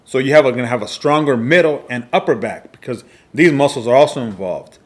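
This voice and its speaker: Male fitness coach, mid-pitched, teaching from slides, emphatic and repeats key points. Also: brisk. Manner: repetitive, emphatic, frequent "all right" checks. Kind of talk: slide presentation lesson.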